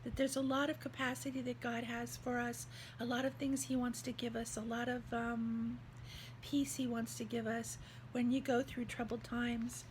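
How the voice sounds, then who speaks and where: A woman's voice: on the high side, flat delivery, normal speed, a little hiss or hum, low-quality recording. A woman vlogger talking in an earnest, heartfelt, rambling way about faith. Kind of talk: casual devotional vlog talk.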